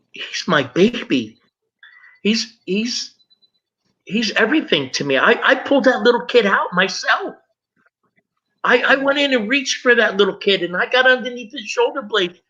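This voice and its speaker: A middle-aged man, a guest, telling his personal story with emotion, halting and repeating words as he goes. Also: high voice, lively intonation, sharp tone, husky. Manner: halting, stumbles and repeats words when moved. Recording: dull lo-fi recording.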